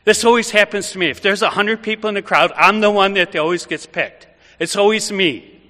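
A man's voice: sits high, a little fast, bright, forceful tone, voice pushed up. A priest voicing a flustered, grumbling passerby who protests and complains he always gets picked. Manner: whiny, protesting, self-pitying. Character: flustered, grumbling put-upon male passerby. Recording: echoey church reverb.

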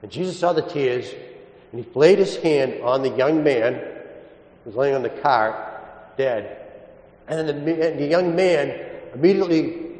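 A Catholic priest or deacon reads the gospel and gives a homily in a large church, mixing folksy personal anecdotes with scripture. His voice is on the high side and darkish, a little slow with long pauses, and the echoey church adds long reverb.

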